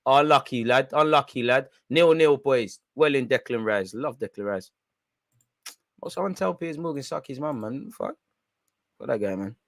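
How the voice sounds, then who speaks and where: A young man hosting a football watch-along, reacting loudly in slangy, shouty commentary. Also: mid-range voice, moderate pace, no echo. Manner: excitable, shouty and slangy, chanting and yelling at the referee.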